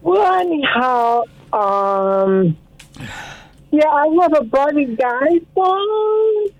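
Slow rambling woman caller on the phone. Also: high-pitched, lively intonation, dry recording. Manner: slow, wandering, hesitant with fillers. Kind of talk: phone-in chat. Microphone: telephone. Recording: dull phone line.

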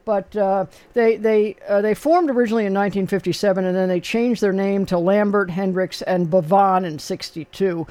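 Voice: mid-range voice, fairly even intonation, normal speed, hardly any pauses, darkish tone, no echo. A radio host chatting casually with a caller about old records, rambling and full of fillers and restarts. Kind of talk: casual call-in talk about oldies and jazz.

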